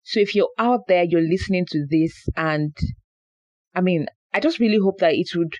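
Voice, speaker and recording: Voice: mid-range voice, moderate pace, dry recording. Playful Nigerian podcast host. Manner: chatty, playful, repeats words for emphasis. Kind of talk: casual monologue.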